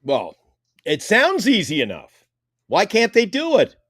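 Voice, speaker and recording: A man's voice: sits high, huge pitch swings, unhurried, fairly bright tone, dry recording. A man hosting a casual sports talk stream, sarcastic and exasperated about his team. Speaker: host.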